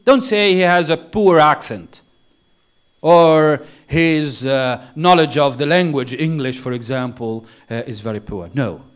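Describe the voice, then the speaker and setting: A man lecturing interpreting students, deliberate and chuckling at his own stories. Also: on the high side. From Tunisia. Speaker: university lecturer.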